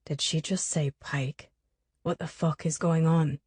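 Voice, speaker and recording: A woman's voice: low-pitched, steady tone, measured pace, a little mellow, breathy edge, no echo. A woman narrating a first-person audiobook chapter with an urgent, coarse inner voice.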